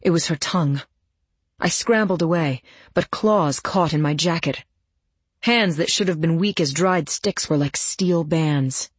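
A woman reading a first-person novel aloud in a steady, even storytelling voice. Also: low-pitched, unhurried, husky, no echo. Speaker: audiobook narrator.

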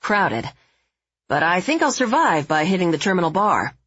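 A woman's voice: lowish voice, sing-song, moderate pace, a bit bright, breathy edge, dry recording, highs cut off, full character voice. Woman doing a joking husband voice. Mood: wry joking. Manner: joking tough-guy banter. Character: easygoing husband on a delayed flight, man.

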